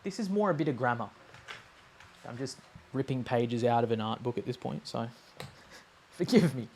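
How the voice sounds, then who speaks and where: A man teaching a language on a live stream, casual and chatty, repeating sounds slowly to demonstrate them. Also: mid-range voice, expressive, darkish tone, slight background noise.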